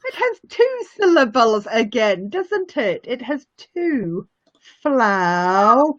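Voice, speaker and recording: Slow, sing-song woman teaching phonics. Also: a little high, very animated, fairly bright tone. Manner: encouraging, slow and sing-song, praising often. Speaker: English teacher. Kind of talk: online phonics lesson with young learners. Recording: muffled lo-fi audio.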